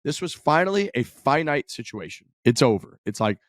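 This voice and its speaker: A male podcast co-host at an ordinary middle pitch, recorded dry and close. He talks in an excited, profane, rambling way, piling one thought onto the next. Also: moderate pace, no echo. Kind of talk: casual chat.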